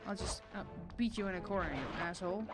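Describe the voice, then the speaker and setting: Her mid-range voice comes quickly over loud music as she plays a game at home. This streamer keeps up chatty, playful let's-play commentary, tossing in a casual curse now and then.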